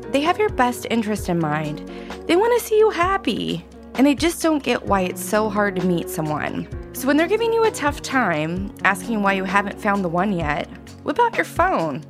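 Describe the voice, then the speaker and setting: Bubbly young woman podcast host. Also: mid-range voice. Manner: bubbly, laughs often. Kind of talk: casual podcast chat.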